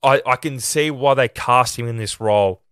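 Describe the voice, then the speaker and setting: Hosting a film podcast, a man gives a casual review monologue, chatty and opinionated and often opening with "look". His medium-pitched voice is a bit bright and clean at a moderate pace, recorded dry with clean studio sound.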